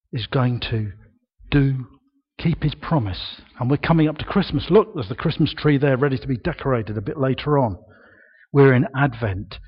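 An older man preaching a sermon in a church, slow and emphatic, with dramatic pauses and bursts of projection. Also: mid-range voice, husky, lo-fi sound.

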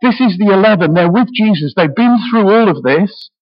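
His high-pitched, expressive voice moves at a moderate pace as this middle-aged British preacher delivers an emotional, passionate sermon, repeating words often. The echoey hall leaves the sound dull.

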